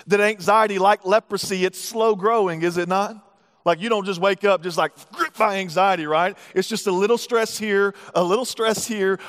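High-voiced pastor preaching in a hall. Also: male voice. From United States. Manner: casual, joking asides. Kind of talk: sermon.

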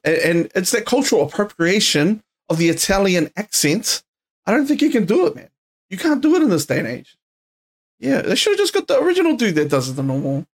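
Rambling New Zealand podcast host, tired. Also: male voice, sits high, very animated, a little fast. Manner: rambling, swears freely, lots of fillers and slang. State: tired, yawning. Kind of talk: casual solo podcast chat. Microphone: podcast microphone.

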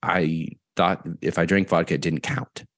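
A man's voice: sits low, fairly even intonation, normal speed, fairly bright tone, no room sound. A man co-hosting a podcast, chatting candidly and mocking himself about his past. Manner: candid, self-mocking storyteller. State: sober. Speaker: podcast co-host. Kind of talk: casual chat.

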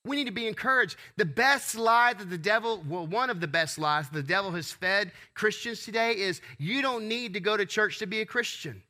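A man's voice: high-pitched, normal speed, few pauses, pushed and bright. A man preaching a sermon as pastor, asking rhetorical questions and calling for responses from the congregation.

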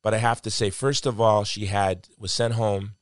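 Earnest low-voiced man telling a story. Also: flat delivery, normal speed, clean tone, no room sound, studio quality. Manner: earnest, reflective, with heartfelt emphasis. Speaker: guest. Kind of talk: conversational storytelling.

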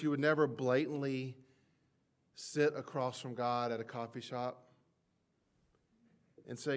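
Slow, emphatic male preacher. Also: mid-range voice. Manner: emphatic, swinging from loud peaks to near-whispered drops; acts out the doubts of listeners as quoted prayers. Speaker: pastor. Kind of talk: sermon.

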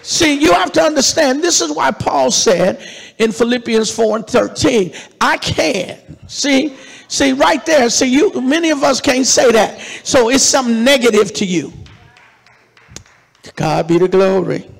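Male pastor, high raspy voice, unhurried preaching, live church echo. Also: lively intonation. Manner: preaching with call-and-response, rising to shouts. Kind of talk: sermon. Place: church sanctuary. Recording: live church hall reverb with congregation.

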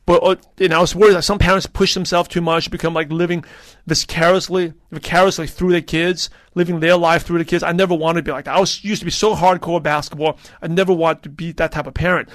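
Guy in his 30s rambling on his podcast, kinda high voice, super dry close sound, lots of um and restarts. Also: flat delivery, quick pace, fairly bright tone, no room sound. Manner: chatty, rambling, with many restarts and fillers. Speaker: podcast host. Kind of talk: casual solo podcast talk.

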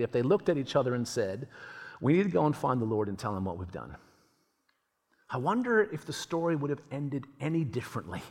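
A man preaching a sermon in a lively, conversational way, acting out the voices he quotes. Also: fairly high pitch. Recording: long hall reverb.

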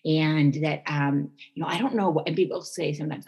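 Woman co-host, husky voice, low-pitched, reflective and affirming. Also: fairly even intonation, a little fast, a little mellow, muffled recording. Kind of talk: casual chat.

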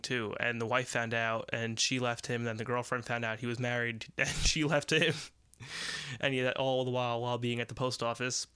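A man's voice: mid-range voice, sharp tone, smooth, no room sound, clean studio sound. A young American man hosting a podcast, telling a rambling, profane story about his job while sick. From United States. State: sick with covid. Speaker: podcast host. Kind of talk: casual storytelling monologue.

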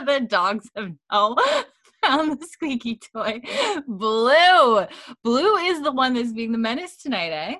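A woman's voice: fairly high pitch, very animated, slow pace, a bit bright, no room sound, clean studio sound. A woman co-hosting a podcast, chattily retelling a television episode scene by scene, with lots of "like" and small laughs. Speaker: podcast co-host. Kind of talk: casual episode recap chat.

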